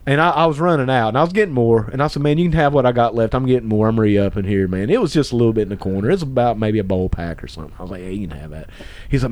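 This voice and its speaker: A man's voice: mid-range voice, expressive, fast talker, darkish tone. A man co-hosting a podcast, telling a story in casual chat, laughing often, swearing and acting out his friends' lines. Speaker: podcast co-host.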